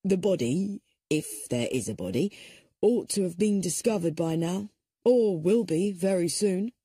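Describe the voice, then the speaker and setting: A woman voicing a male police sergeant who talks in an even, official and reassuring way. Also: fairly low pitch, a little slow, breathy edge, no echo, studio quality, exaggerated voice. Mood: measured.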